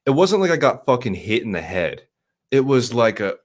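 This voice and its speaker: A man's voice: mid-range voice, sing-song, moderate pace. A young man from Southern California, a co-host talking in an intense, rambling, profane way. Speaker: podcast co-host. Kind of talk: casual chat.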